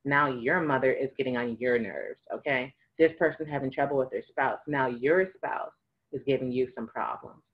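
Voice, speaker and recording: A woman's voice: rumbling low, normal speed, lo-fi sound. A woman giving casual spiritual advice to viewers, chatty and laughing now and then, acting out little dialogues as she goes. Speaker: spiritual advisor.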